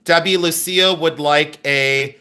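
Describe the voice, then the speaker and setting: Bright chatty man hosting a live sale. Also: fairly high pitch, fairly even intonation. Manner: chatty, reads viewer names and orders aloud, quick asides to helpers. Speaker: live-stream sale host. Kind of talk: live-stream selling chat.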